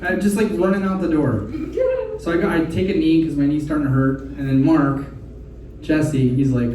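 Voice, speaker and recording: A man's voice: fairly high pitch, fairly even intonation, normal speed, warm tone. A middle-aged man hosting a comedy night, chatting and joking at his own expense. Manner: chatty, self-deprecating banter. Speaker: comedy show host. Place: live comedy show venue. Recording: echoey room mic heard from a distance with noise.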